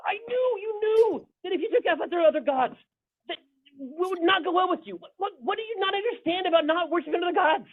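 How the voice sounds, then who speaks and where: A man putting on an exasperated preacher who scolds his congregation in a high, shouted rant. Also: expressive, a little fast. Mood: scolding. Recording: tinny phone-like sound.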